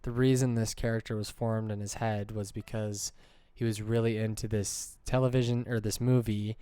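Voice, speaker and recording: A man co-hosts a laid-back pop culture chat, tossing in short questions and easy reactions. His voice is smooth and clear, recorded dry and close. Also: on the low side, level tone, normal speed, mellow, no echo. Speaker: podcast co-host.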